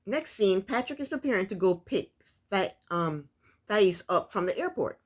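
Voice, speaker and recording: A woman's voice: medium pitch, animated, normal speed. A woman recapping a reality TV episode in casual, opinionated commentary, talking straight to her viewers. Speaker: TV recap vlogger.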